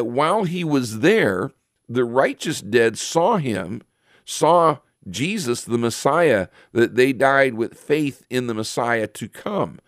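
A man giving a Bible teaching, reading verses aloud and explaining them with frequent pauses and fillers. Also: fairly low pitch, no room sound, studio quality.

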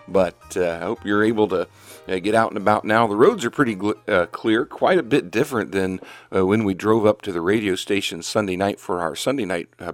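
An older man from Northeast Ohio hosting a Christian radio program, who rambles unhurriedly with many fillers and restarts and also prays and reads scripture aloud. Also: low voice. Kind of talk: casual radio talk with prayer and scripture reading. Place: radio studio.

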